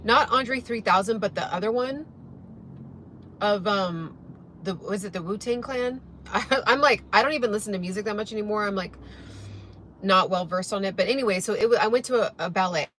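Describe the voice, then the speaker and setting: A woman's voice: mid-range voice, normal speed, a bit bright, a little hiss or hum. A young woman chatting casually to her viewers, rambling as she eats breakfast. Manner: rambling, chatty, eating while talking. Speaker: vlogger. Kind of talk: casual chat to camera while eating.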